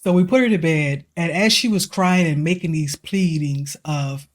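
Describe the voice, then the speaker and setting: Co-hosting a casual podcast chat, this forties woman speaks in a deep voice at normal speed. She tells personal stories in a chatty way, acting out the voices of the people she quotes.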